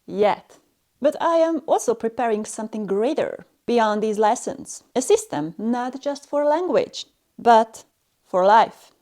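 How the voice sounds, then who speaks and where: A woman teaching a language in a stern, cold, condescending manner, speaking in slow, clipped phrases with pauses between them. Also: on the high side, sing-song, dark tone. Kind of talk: scripted lesson narration.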